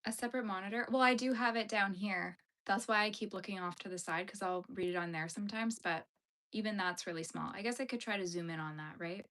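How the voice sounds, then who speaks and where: A woman's voice: medium pitch, fast, fairly bright tone. A Canadian woman from the far north hosting a knitting livestream, chatting casually with viewers, laughing easily and saying "like" a lot. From Yellowknife, Canada. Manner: chatty, uses "like" as a frequent filler, laughs easily. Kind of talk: casual livestream chat answering viewer comments.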